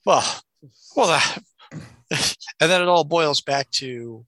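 Bright, dry-voiced ranting male storyteller. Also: on the high side, slow, no echo. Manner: animated storyteller, rants with profanity. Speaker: podcast co-host. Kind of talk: casual chat.

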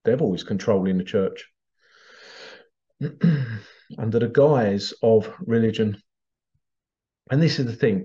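A man's voice: fairly low pitch, mellow, muffled recording. A man hosting a podcast, talking in a loose, rambling monologue with frequent restarts and laughs. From Britain. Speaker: podcast host. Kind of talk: casual monologue.

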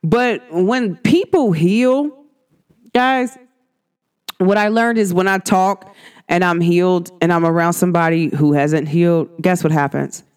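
A woman's voice: fairly low pitch, unhurried, clear, resonant tone. A woman talking casually to her viewers about astrology, slangy and direct. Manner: animated, slangy, talks straight to viewers. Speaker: astrology vlogger. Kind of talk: casual talk to camera.

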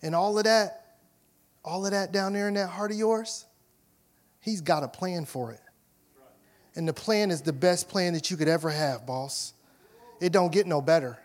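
A male pastor delivering an emphatic sermon, swinging from loud questions to soft asides. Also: sits high, normal speed, pauses often.

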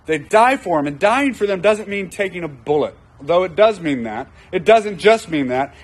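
A man with a fairly high voice preaches in a relaxed, conversational way. He acts out little quoted voices and hammers points home by repeating them. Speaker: pastor. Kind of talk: sermon.

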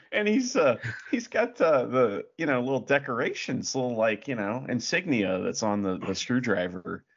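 A man co-hosting a casual podcast, animated and rambling, with many fillers. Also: mid-range voice, normal speed, hardly any pauses, slightly rough, lo-fi sound. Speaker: podcast co-host.

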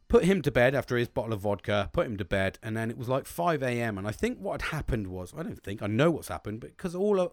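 Man in his forties, candid rambling monologue, sweary, lively up-and-down voice, dry close sound. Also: medium pitch, no room sound. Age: 40s. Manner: sweary, rambling, emotional openness.

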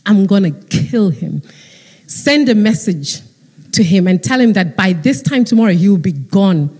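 A woman's voice: medium pitch, lively intonation, unhurried, mellow, slightly rough. A woman preacher voicing a furious queen making threats. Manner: threatening, fuming. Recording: long hall reverb.

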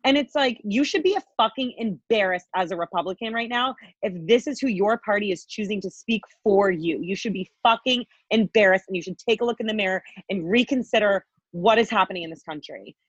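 A woman's voice: medium pitch, brisk, hardly any pauses, husky, dry recording, muffled recording. A woman co-hosting a podcast, ranting heatedly with constant swearing and filler likes. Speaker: podcast co-host. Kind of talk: angry political rant.

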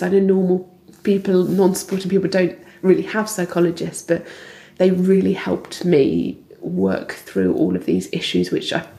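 Gravelly, dark-toned woman, echoey room. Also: fairly low pitch. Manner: candid, halting, with frequent restarts and soft laughs. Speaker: interview guest, Olympic athlete. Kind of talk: reflective conversational interview.

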